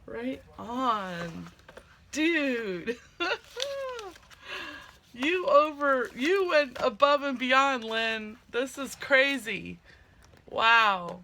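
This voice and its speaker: A middle-aged woman chatting casually to camera at home in a craft vlog, with many fillers, low-key from a sinus headache. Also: animated, drawn-out words, pauses often, pushed and bright, a little hiss or hum. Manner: chatty, many fillers, gasps and squeals of delight. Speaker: craft vlogger.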